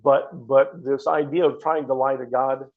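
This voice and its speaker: Bible class teacher guy, gravelly husky voice, keeps restarting, dull lo-fi mic. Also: mid-range voice, fairly even intonation, normal speed. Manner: earnest, explanatory, frequent restarts. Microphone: microphone.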